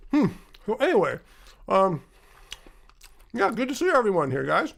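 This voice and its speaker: A man's voice: high-pitched, very animated, normal speed, creaky, pauses often, fairly bright tone. A man hosting a casual livestream, rambling loosely with lots of ums and chatty asides. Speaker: livestream host. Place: home room with laptop.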